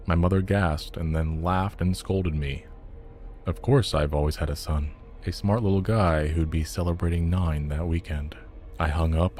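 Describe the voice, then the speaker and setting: Deep, dark-voiced male storyteller. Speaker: narrator. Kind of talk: scripted horror narration. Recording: soft music under the voice.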